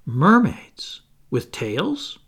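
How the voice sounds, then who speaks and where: A man with a husky, gravelly voice voicing an excitable, well-bred young girl in a storybook reading, all exclamations. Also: fairly high pitch, drawn-out words, exaggerated voice. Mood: excited. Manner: breathless, exclaiming.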